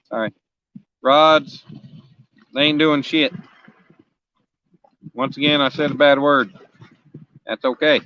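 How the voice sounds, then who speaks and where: Joking man streaming live, bright voice. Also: mid-range voice, steady tone, slow, long pauses, dry recording, highs cut off. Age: 40s. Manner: joking, rambling, teasing the chat. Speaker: fishing vlogger streaming live. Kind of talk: casual live-stream chat. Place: outdoors on a riverbank.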